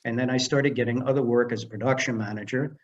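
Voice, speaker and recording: A man's voice: mid-range voice, quick pace, dull audio, slight background noise. An older man, a film director and screenwriter, telling stories as a guest in a casual interview and acting out the dialogue. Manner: animated storyteller who acts out dialogue.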